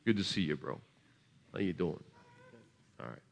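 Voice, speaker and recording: A man preaching at a revival service in a church, laughing and shouting bursts, gentle with the children he blesses. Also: low-pitched, animated, moderate pace, vocal fry. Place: church sanctuary.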